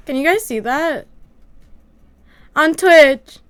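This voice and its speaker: A woman's voice: on the high side, lively intonation, moderate pace. A woman streaming from her room at home, chatting casually to her viewers in a rambling way full of "like" fillers. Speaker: livestreamer. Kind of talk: casual livestream chat.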